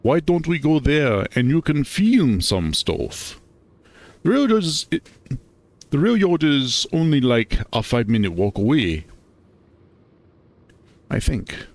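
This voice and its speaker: A man's voice: mid-range voice, very animated, slow pace, pauses often, pitched above the performer's own voice. A man voicing a playful, reckless young male furry character while reading a visual novel aloud, in an eager, slightly raised voice.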